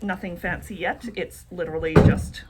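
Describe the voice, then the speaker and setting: A woman's voice: fairly low pitch, steady tone, moderate pace, very noisy. A woman co-hosting a knitting podcast, talking in a chatty way and laughing often. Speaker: podcast co-host. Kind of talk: casual chat.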